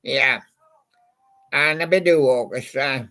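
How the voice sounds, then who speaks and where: Chatting to a toy badger, a man who hosts the channel rambles casually while recalling old songs. He speaks slowly in a medium-pitched voice that is creaky and sharp.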